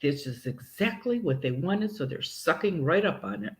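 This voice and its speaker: Woman co-host, medium type, animated storyteller who slips into character voices. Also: low-pitched, moderate pace. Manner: animated, acts out voices in her stories. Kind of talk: casual chat answering viewer questions.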